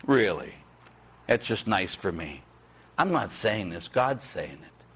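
A middle-aged man, a Catholic priest, giving a folksy, teasing sermon with a husky voice. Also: lowish voice, sing-song, slow. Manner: folksy, teasing, acts out dialogue with shouts. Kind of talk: sermon with storytelling.

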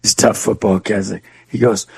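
A man, a youth speaker, telling an animated story as an interview guest, acting out the voices of the people in it. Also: fast, vocal fry, breathy edge, dry recording. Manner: energetic, acts out quoted dialogue with big pitch swings.

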